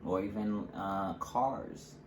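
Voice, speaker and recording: A man co-hosting an English lesson, explaining verbs in a relaxed way with many fillers and examples. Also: lowish voice, slow pace. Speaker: English teacher, co-host. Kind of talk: casual teaching. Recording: echoey room, faint background noise.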